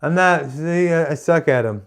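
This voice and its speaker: A man's voice: a little high, normal speed. A man hosting a morning live stream of stand-up, rambling and self-deprecating with casual swearing, talking to a webcam in front of a green screen. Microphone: webcam live stream setup.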